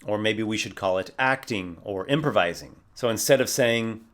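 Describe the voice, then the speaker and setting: Low-voiced man explaining role-play. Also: moderate pace, fairly bright tone. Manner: friendly, encouraging, demonstrative. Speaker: YouTube creator teaching role-play. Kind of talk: tutorial talk to camera.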